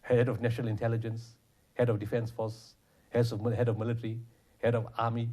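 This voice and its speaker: A man's voice: medium pitch, level tone, fast, dark tone. A man, a guest telling stories passionately in an interview. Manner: passionate, quotes others in dialogue. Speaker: guest, charity founder. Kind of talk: interview storytelling.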